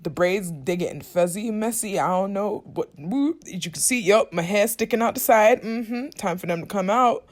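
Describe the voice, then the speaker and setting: A woman's voice: mid-range voice, moderate pace, hardly any pauses. A young woman chatting casually and slangily to her viewers in a get-ready-with-me vlog, recorded at home. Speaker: beauty vlogger. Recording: echoey room, mic at a distance.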